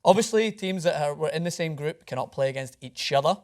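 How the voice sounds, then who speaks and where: A man hosting a casual sports talk show, quick and joking, with a touch of self-deprecating humor. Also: on the high side, expressive, a little mellow.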